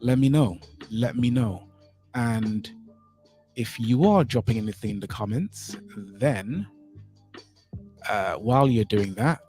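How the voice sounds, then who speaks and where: This man hosts a laid-back stream from Saint Kitts and Nevis, musing aloud and wandering off topic as he works through his settings. He speaks at a medium pitch with a slightly mellow quality, and faint music plays behind him.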